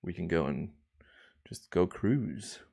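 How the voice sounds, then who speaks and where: Relaxed man chatting on stream. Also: deep voice, slow, gravelly. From Australia. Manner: relaxed, rambling, chatty with viewers. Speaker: livestream host. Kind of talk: casual livestream chat.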